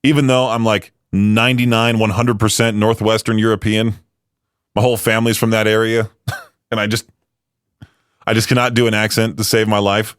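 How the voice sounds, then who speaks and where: A man's voice: lowish voice, flat delivery, moderate pace, clean tone, dry recording. A man hosting a radio show in a studio, chatting casually with lots of fillers and self-deprecating asides. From United States. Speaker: radio host.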